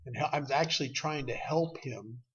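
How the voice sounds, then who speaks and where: A man, speaking at a recovery meeting and telling a personal story with emotion, his voice swinging from loud to hushed. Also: medium pitch, moderate pace, husky, muffled recording. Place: meeting room.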